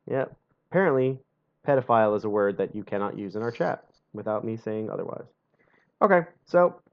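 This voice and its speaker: A man's voice: medium pitch, vocal fry, muffled recording. A young man on a live stream reading a gamebook aloud, full of sarcastic asides and frequent laughs, in a home streaming setup.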